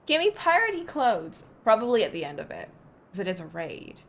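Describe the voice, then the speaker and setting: A woman's voice: mid-range voice, wildly swooping pitch, a little fast, a bit bright. A woman streamer giving casual, chatty commentary while playing a game, with self-deprecating asides.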